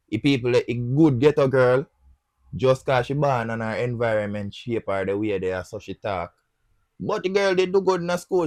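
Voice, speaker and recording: A man's voice: mid-range voice, darkish tone, no room sound. Earnest Jamaican man, dry close sound. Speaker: podcast co-host. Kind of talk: casual chat.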